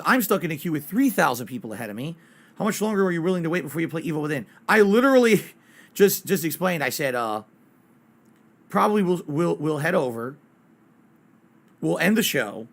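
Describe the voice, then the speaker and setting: A man's voice: on the high side, fairly bright tone. A man streaming games live, chatting casually and ranting bluntly with plenty of swearing. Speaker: game streamer.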